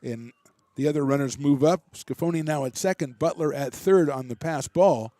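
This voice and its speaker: A man's voice: fairly high pitch, moderate pace, dry recording. Chatty man calling college baseball. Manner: relaxed, chatty, self-deprecating asides. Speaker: play-by-play announcer. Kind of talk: baseball play-by-play commentary.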